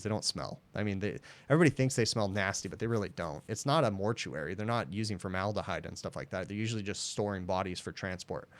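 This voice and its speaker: A man hosting a casual livestream Q&A, telling work stories in a chatty, laid-back way. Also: on the low side. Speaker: livestream host, HVAC technician.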